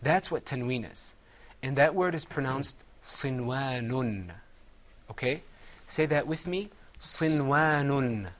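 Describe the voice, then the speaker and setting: A man teaching a Quran recitation class, patiently quizzing his students and drilling words slowly with them. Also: fairly high pitch.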